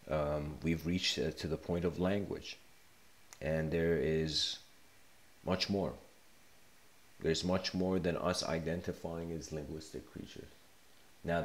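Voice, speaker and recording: Guy with a really low voice rambling thru a lecture, lots of like and you know, roomy echo. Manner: rambling, filler-heavy, laughs often. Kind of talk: casual spoken lecture, storytelling. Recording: echoey room.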